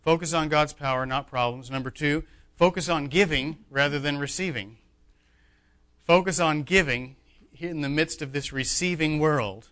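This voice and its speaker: A man preaching a sermon as pastor, emphatic, swinging between loud declarations and hushed asides. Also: fairly high pitch, normal speed.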